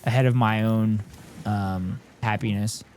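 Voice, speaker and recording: A man's voice: on the low side, fairly even intonation, unhurried, a little mellow, slight background noise. A man in his thirties chatting casually on a live stream, reading and answering chat in a self-deprecating way.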